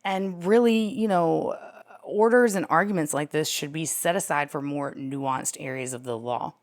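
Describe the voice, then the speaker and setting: Woman, low voice, casual legal commentary, chatty, irreverent, loud bursts. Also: moderate pace. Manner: chatty and irreverent, laughs at herself, swings into loud exclaims. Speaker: true crime commentator.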